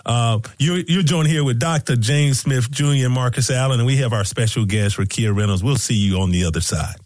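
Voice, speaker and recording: A man's voice: medium pitch, brisk, darkish tone, no echo, studio quality. A man hosting a podcast, affirming his guest with short replies and then leading into the break. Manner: affirming, brief backchannels. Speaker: podcast host. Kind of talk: casual interview talk.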